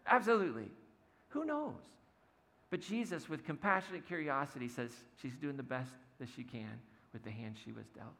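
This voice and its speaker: A man's voice: mid-range voice, fairly quick, gravelly, hardly any pauses, pushed and bright, long reverb tail. A man giving a conversational sermon as a pastor, telling a story and acting out quotes with humor.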